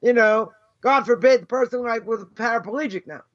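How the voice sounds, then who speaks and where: High-voiced rabbi, chatty. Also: male voice, a little fast, a bit bright. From United States. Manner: chatty, peppers talk with "right?" and "you know", asks rhetorical questions. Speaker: rabbi teaching a class. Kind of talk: casual conversational Torah lesson. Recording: dull lo-fi recording.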